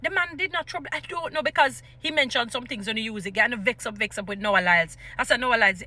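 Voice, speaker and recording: A Jamaican woman vlogger with a high, bright voice speaks her opinions with passion. She slips into patois and restarts her sentences often, piling on point after point. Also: fast, hardly any pauses. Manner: impassioned, mixes patois into English, many restarts. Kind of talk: opinion commentary vlog.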